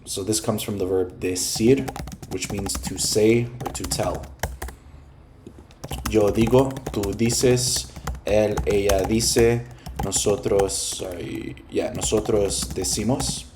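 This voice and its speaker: A low-voiced male language teacher who explains grammar slowly and patiently, pausing to clear his throat now and then. Faint keyboard clicks tick along in the background. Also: noisy background. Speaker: Spanish teacher. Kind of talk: explaining a listening exercise.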